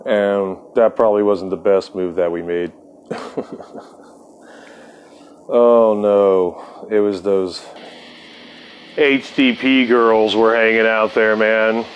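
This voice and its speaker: A man's voice: fairly low pitch, steady tone, slow, pauses often, highs cut off, slight background noise. A man telling a story from his past in a casual, laid-back way, cursing freely and laughing often.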